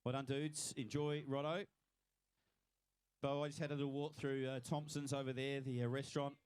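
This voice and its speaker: A man's voice: mid-range voice, level tone, normal speed, a little mellow, smooth, no echo. Cheery Australian man commentating a finish. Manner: cheery, congratulating swimmers by name. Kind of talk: live event commentary.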